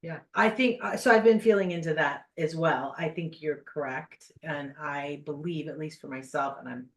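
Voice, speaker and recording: An animal communicator guest telling heartfelt stories in a casual podcast chat, with many pauses and fillers. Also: mid-range voice.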